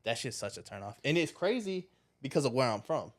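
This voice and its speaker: A man from Chicago with a Chicago accent, hosting a casual podcast chat in a blunt, profane, animated way. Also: medium pitch, brisk. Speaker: podcast host.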